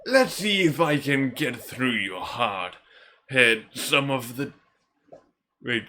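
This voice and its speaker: A man voicing a gruff old bearded shopkeeper who scolds and mentors a young boy, reading game dialogue aloud in a slow, deliberate way. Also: mid-range voice, bright, forceful tone, exaggerated voice.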